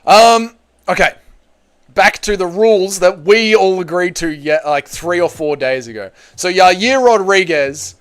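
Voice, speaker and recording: A young man hosting a casual livestream, reading chat comments and bantering loudly with sudden excited shouts and plenty of swearing. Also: fairly high pitch. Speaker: livestream host.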